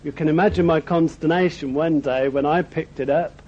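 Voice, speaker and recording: A man's voice: a little high, fairly even intonation, normal speed, a little mellow. A middle-aged man with an Oxfordshire accent giving a humorous after-dinner testimony talk, with frequent ums. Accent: Oxfordshire English. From Berkshire, England. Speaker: speaker at a dinner. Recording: dull lo-fi recording.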